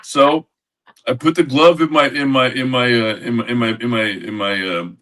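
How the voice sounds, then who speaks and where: An older man co-hosting a podcast, telling a rambling anecdote with lots of halting restarts over a video call. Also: mid-range voice, fairly even intonation, a bit bright, far from the mic. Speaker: podcast co-host. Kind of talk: casual storytelling.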